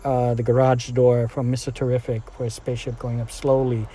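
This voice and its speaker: A man's voice: mid-range voice, level tone, fairly quick, dark tone, faint music behind. A man giving a casual, rambling film review, full of fillers, restarts and trailing sentences.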